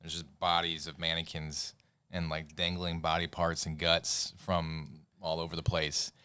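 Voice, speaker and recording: A man's voice: rumbling low, little pitch movement, unhurried, bright, forceful tone, clean tone, no room sound, clean studio sound. A man co-hosting a podcast, telling stories in a rambling, laughing way and losing his words now and then. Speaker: podcast co-host. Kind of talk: casual podcast chat.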